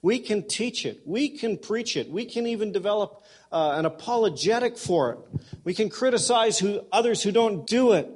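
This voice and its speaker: A male pastor with a somewhat high, husky voice preaches a sermon. He keeps it conversational and mixes in folksy humor. He also turns to speak directly to members of the congregation. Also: expressive, normal speed, a little mellow.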